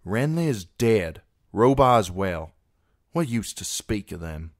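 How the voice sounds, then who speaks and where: A man voicing a courteous, guarded young knight in a measured, polite way. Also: on the low side, sing-song, dry recording, studio quality, voice pushed up. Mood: curt.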